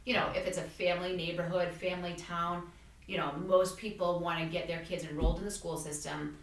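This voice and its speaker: A woman's voice: fairly low pitch, little pitch movement, fairly quick. Chatty woman agent in an echoey room. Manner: chatty storyteller, acts out quotes. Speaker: real estate agent and podcast host. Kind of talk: casual podcast chat. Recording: echoey room, mic at a distance.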